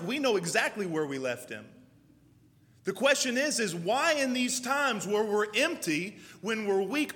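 A man's voice: extremely high pitch, pushed and bright, long reverb tail. A male pastor preaching a sermon with emphatic, repeated phrases. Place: church.

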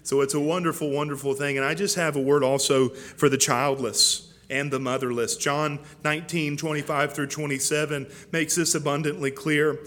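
A male pastor delivering an impassioned sermon, his voice sitting a little higher than most men's. He talks earnestly, doubling back on words as the feeling builds. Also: little pitch movement, moderate pace, hardly any pauses, fairly bright tone.

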